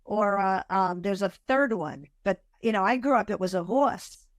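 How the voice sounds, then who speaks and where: Woman guest, ex-radio pro, clear measured talk, dry close mic. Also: mid-range voice, dry recording. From Massachusetts, USA. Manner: articulate, measured radio-trained delivery. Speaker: guest, author and former radio news director. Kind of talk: casual interview chat.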